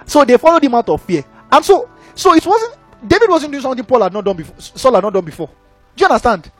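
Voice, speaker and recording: A young man preaching a sermon in an animated, conversational way, often checking that listeners follow. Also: extremely high pitch, fast, soft background music.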